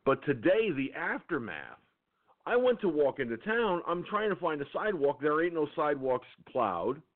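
A man's voice: a little high, very animated, normal speed. A man hosting an internet radio show, telling a profane, angry story in a ranting monologue. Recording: tinny phone-line sound.

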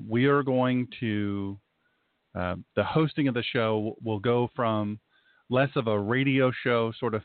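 A man with a Southern drawl talks in a loose, folksy way, repeating himself as he gets fired up. His voice sits low. It comes through a dry, tinny phone line. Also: dry recording. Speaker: talk show host and pastor. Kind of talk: casual radio talk.

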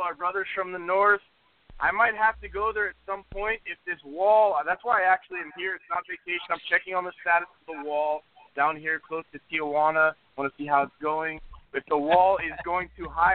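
A man's voice: high-pitched, fairly even intonation, moderate pace, no echo. Caller on a tinny phone line, man. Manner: playful, rambling, mock-indignant. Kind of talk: joking call-in rant.

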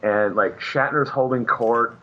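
A man's voice: medium pitch, a little slow, muffled recording. A man who is a comic book artist, a guest chatting casually and rambling with many fillers. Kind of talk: casual chat.

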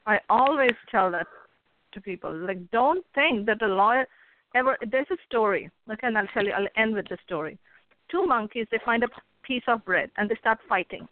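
A woman's voice: a little high, expressive, brisk. Woman guest coach, earnest advice-giver, tinny phone line with faint hiss. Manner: earnest, advising, tells folksy stories. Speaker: guest, author and hypnotherapist coach. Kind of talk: casual interview talk.

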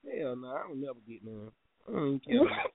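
A man's voice: mid-range voice, big pitch swings, brisk, over a noisy crowd. A man hosting a casual morning podcast, trading profane, joking banter. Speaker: podcast host. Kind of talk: casual chat. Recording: phone-like narrow sound.

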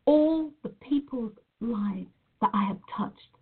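Woman, fairly high voice, earnest reflective spiritual talk, casual address to viewers, tinny phone-like sound. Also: expressive, slow pace, slightly rough. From Nevada. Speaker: reflexologist sharing a personal reflection.

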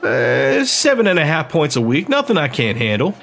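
A man's voice: a little high, huge pitch swings, moderate pace, vocal fry, a bit bright, a little hiss or hum, full character voice. A man voicing a battered, stubborn male prizefighter who grumbles and snaps back in an audiobook. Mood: grumbling, stubborn. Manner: grumbling, curt.

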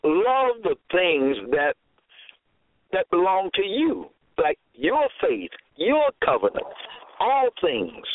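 A man preaching a radio sermon, slow and emphatic, repeating himself and asking rhetorical questions. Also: sits high, huge pitch swings, dry recording. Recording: tinny phone-like radio audio.

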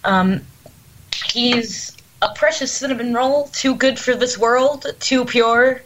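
A woman's voice: a little high, steady tone, slow pace, a bit bright, a little hiss or hum, poor audio. A woman chatting as a guest on a podcast, enthusiastic and giggly, acting out quotes as she goes. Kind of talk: casual podcast chat.

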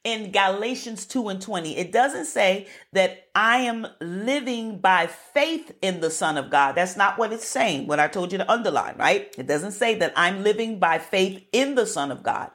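A woman preaching a sermon to an online group, animated and laughing often, calling for responses from her listeners. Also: medium pitch, normal speed, hardly any pauses.

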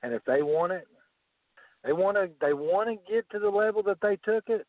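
A man's voice: high voice, animated, normal speed, dry recording. Boastful Southern man on a phone line. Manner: boastful, menacing. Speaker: wrestling promotion commissioner. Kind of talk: wrestling promo trash talk. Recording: tinny phone line, dry.

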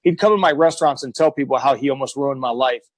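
Speaking quickly in a mid-range voice, this middle-aged American guest tells his life story with emotion and emphasis, imitating the people he quotes. There's no echo, though the audio quality is poor.

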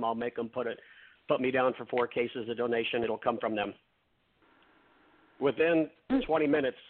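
A man guest on a radio show, telling a long story and acting out the dialogue, with frequent restarts. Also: medium pitch. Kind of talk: storytelling in conversation. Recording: phone-like narrow sound.

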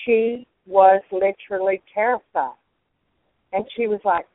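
A woman's voice: medium pitch, a little slow, no room sound. Rambling older woman on a phone line. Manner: blunt, rambling. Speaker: host. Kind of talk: casual conversation. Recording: tinny phone line, dry.

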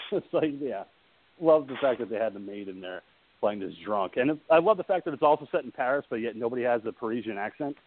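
A man's voice: mid-range voice, lively intonation, quick pace, slight background noise. Man, horror podcast co-host, rambling, eager, laughs a lot, narrow phone-line sound. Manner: enthusiastic, rambling, laughs often. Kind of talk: casual movie discussion. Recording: tinny phone-like audio.

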